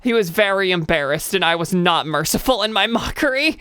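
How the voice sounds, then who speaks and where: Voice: mid-range voice, animated, fast, few pauses, pushed and bright, clean tone. A streamer giving casual, chatty commentary while playing a game, joking at their own expense and tossing out playful nonsense words.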